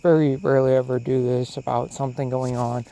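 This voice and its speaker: A man's voice: medium pitch, brisk, vocal fry, a little hiss or hum, rough recording. A man delivering a profane, rambling monologue outdoors at night, with crickets chirping behind him. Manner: profane, animated, questioning. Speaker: solo podcaster. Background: crickets and insects.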